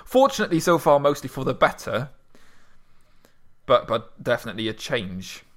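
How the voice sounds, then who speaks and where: A man's voice: mid-range voice, big pitch swings, moderate pace, a bit bright. A man co-hosting a podcast in casual chat, with teasing, dry banter. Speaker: podcast co-host.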